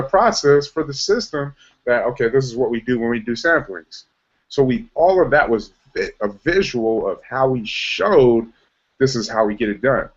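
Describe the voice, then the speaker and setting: A man leading a team meeting, talking about how to show rather than tell, with many restarts and fillers. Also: medium pitch. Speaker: team leader. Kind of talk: motivational team meeting talk. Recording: dull lo-fi sound.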